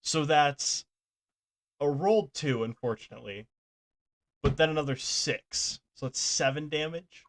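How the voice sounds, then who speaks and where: A man's voice: on the high side, unhurried. A man running a tabletop game as dungeon master, talking casually, laughing and swearing a little.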